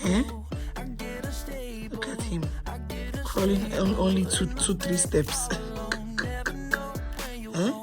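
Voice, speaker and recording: A woman's voice: mid-range voice, fairly even intonation, slow, long pauses. A woman with a Nigerian English accent playfully scolding her baby at home, mock-stern and repeating herself. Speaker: vlogger, mother. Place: bedroom at home. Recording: background music under voice.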